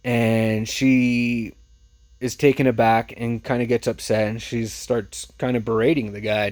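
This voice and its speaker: A man who resells thrift finds, telling a story casually and with lively energy. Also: medium pitch, unhurried. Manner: chatty, animated retelling with laughs.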